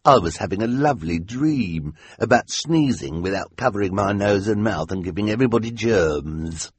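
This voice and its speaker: A man's voice: lowish voice, lively intonation, normal speed, husky, no room sound. A man voicing a lazy, whiny male henchman with a hook for a hand in an audiobook. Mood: whining.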